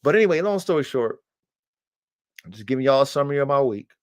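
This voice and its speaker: A man hosting a podcast about breeding dogs, telling a story in a casual, profane way and swinging into loud, high-pitched outbursts. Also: animated, fast talker, no room sound, clean studio sound. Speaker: podcast host and dog breeder.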